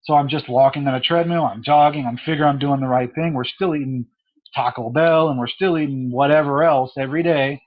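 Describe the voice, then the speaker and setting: A young man recounts a hard personal story in a halting way, restarting his sentences. His voice catches with emotion, and he speaks at an average pitch. The recording sounds a little dull and lo-fi. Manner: halting, with many restarts and fillers, voice cracking with emotion. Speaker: guest telling his story. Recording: dull lo-fi audio.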